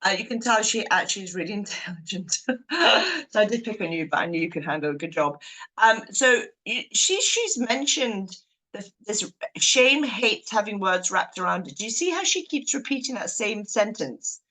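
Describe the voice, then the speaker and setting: A woman's voice: mid-range voice, big pitch swings, moderate pace, sharp tone, rough recording. A woman leading a group video call, chatting, laughing and asking the group questions. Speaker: book group leader.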